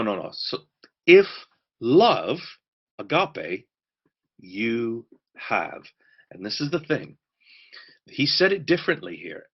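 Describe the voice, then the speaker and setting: A man's voice: mid-range voice, highs cut off. A man teaching a church course, emphatic and repeating key words for stress.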